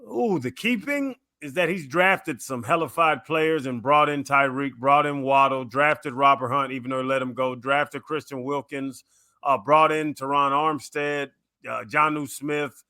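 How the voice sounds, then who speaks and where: A man's voice: medium pitch, pushed and bright, no echo, studio quality. A man co-hosting a sports radio show, arguing his opinions in a casual debate and rattling off lists of names. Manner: opinionated, lists names in quick runs, argues his point. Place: radio studio. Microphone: studio microphone.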